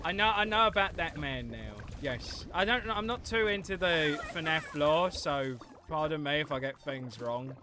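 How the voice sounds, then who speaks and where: Young male streamer, casual rambling chat with swearing, fairly high voice. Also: animated, normal speed, few pauses, background noise. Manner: rambling, swears freely, reads chat aloud. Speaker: livestreamer.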